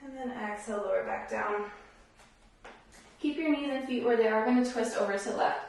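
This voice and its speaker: A woman yoga instructor guiding a class, giving calm, encouraging cues paced with the breath. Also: on the high side, fairly quick, creaky, recorded from a distance. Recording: very echoey room, voice from off the mic.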